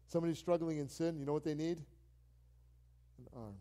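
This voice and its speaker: A male pastor delivers a lively sermon with a fairly high voice for a man. He leans on repetition to drive his points home and slips into playful voices when he acts out phone calls. It sounds like a church service. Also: normal speed, pauses often. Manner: animated, repeats key phrases for emphasis.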